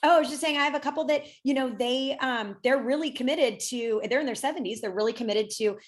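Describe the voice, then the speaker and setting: A woman's voice: sits high, quick pace. A woman dating coach chatting on a podcast, talking freely with many fillers. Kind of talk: casual podcast chat.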